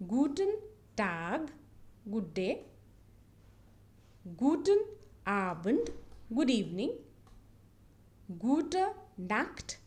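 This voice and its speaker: A woman teaching a language lesson, saying each phrase slowly and repeating it word by word. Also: on the high side, darkish tone. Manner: repeats words syllable by syllable, drawn out. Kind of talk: slow, deliberate language lesson.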